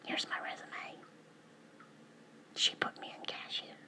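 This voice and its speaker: A woman's voice: slow pace, sharp tone. A woman talking in a whisper, rambling from one thought to the next and asking rhetorical questions. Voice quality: mostly whispered. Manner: rambling, jumps between topics, asks rhetorical questions.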